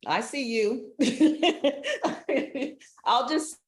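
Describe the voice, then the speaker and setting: A woman's voice: sits high, animated, extremely slow, echoey room. A woman hosting a casual live stream from a relative's house, chatty, laughing and easily sidetracked. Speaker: livestream host.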